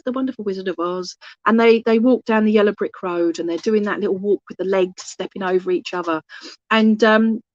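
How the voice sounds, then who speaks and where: A woman's voice: on the high side, no room sound, muffled recording. A woman working as a medium in an online service, chatty and rambling, often losing her thread and restarting, with affectionate asides to her listeners. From England. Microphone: phone held in hand.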